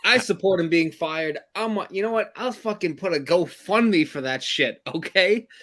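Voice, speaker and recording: A fired-up man with a notably high voice, cursing and sighing through a heated sports rant. He sounds exasperated, swinging from loud outbursts to tired mutters as he vents about his team on a podcast. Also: moderate pace. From New York area. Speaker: podcast co-host.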